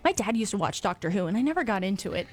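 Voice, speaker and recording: A woman's voice: mid-range voice, very animated, over music. A woman co-hosting a radio call-in show, chatting playfully and reading out listener listings. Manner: playful, quick to laugh. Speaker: radio co-host. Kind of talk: casual on-air banter.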